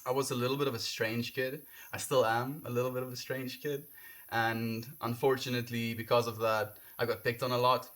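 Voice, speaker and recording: Out in windy weather, this young man from South Africa, raised on Afrikaans, loosely chats with his stream and reads comments aloud. His delivery is flat and a little fast, with a fairly bright, middle-pitched voice, though he is heartfelt and gushes thanks between comments.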